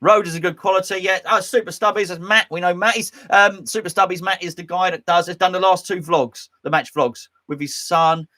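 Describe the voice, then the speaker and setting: A man's voice: sits high, fairly even intonation, fairly quick, few pauses, sharp tone. A man hosting a casual live stream from his home man cave, rambling and joking as he reads out chat comments. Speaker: host.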